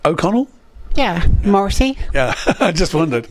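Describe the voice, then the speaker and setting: Woman host, casual chat, playful, lively pitch that swings a lot. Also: brisk, crowd noise. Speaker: host and interviewer.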